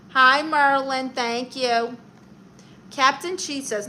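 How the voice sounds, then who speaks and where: A woman's voice: on the high side, measured pace, bright, forceful tone, a little hiss or hum, poor audio. A woman hosting a casual livestream, reading viewer comments aloud in a chatty, playful way and laughing at herself. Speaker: livestream host.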